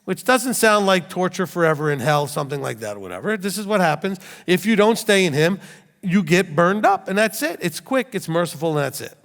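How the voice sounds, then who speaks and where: Big pitch swings mark this middle-aged rabbi's high, fairly bright voice, and he talks a little fast under long hall reverb. Teaching a Bible study as an animated sermon, he tells stories and mixes in laughs and rhetorical questions.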